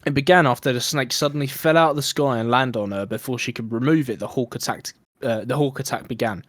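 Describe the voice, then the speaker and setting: A podcast co-host reading out a news story in a matter-of-fact way. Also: male voice, mid-range voice, fast, no echo, clean studio sound. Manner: reads news text in a plain, matter-of-fact tone.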